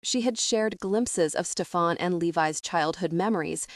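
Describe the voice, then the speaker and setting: Low-voiced woman reading an audiobook. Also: unhurried, dry recording, studio quality. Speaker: audiobook narrator. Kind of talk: scripted audiobook narration.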